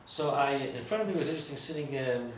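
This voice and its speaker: A mid-range, expressive male voice moves quickly as this rabbi wanders through an informal lecture full of tales and humorous asides for a small audience. The recording is echoey and distant, with slight noise.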